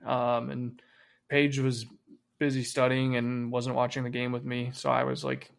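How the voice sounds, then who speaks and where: A man co-hosts a sports podcast, chatting in a relaxed, casual way and taking his time. His middle-pitched voice has a gravelly edge, and he swears freely and trails off with fillers.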